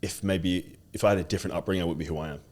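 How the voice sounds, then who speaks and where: A man with a very deep voice answers personal questions. His replies come short and halting, with restarts. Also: fairly even intonation, darkish tone. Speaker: podcast host.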